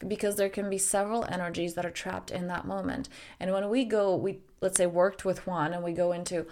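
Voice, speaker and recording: A woman's voice: on the low side, fairly even intonation, fairly quick, few pauses, darkish tone. A woman life coach talking to listeners in an earnest, direct way, with the odd swear word. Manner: earnest, direct, mildly profane. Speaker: life coach and podcast host. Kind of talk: casual spoken monologue.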